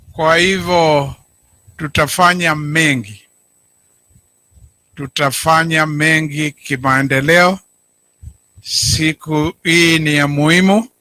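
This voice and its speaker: Kenyan man, middle-aged, slow deliberate speechmaker, bright voice, dry close sound. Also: fairly high pitch, no echo. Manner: deliberate orator, stresses key words. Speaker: county governor. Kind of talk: public speech, code-switching.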